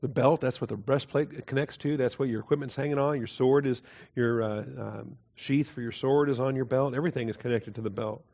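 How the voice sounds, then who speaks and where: A man at mid pitch teaches a Bible doctrine class, talking casually with many fillers and soft chuckles. He keeps turning questions to his listeners. The recording sounds dull and lo-fi. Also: fairly even intonation, brisk. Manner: conversational, hesitant fillers, quiet chuckles, quizzes the class.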